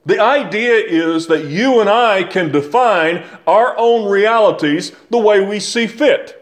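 Slow, high-voiced older preacher. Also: male voice. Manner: deliberate, repeats phrases for emphasis; asks the listeners rhetorical questions. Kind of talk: sermon.

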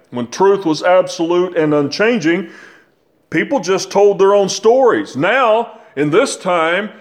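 Slow, high-voiced older preacher. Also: male voice. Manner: deliberate, repeats phrases for emphasis; asks the listeners rhetorical questions. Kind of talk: sermon.

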